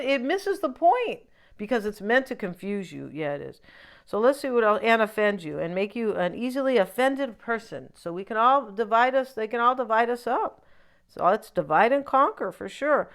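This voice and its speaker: Lady doing a tarot reading, kinda high clean voice, rambles off on opinionated tangents. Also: fairly bright tone. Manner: rambling and opinionated, with frequent asides. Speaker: tarot reader. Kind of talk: casual tarot reading monologue.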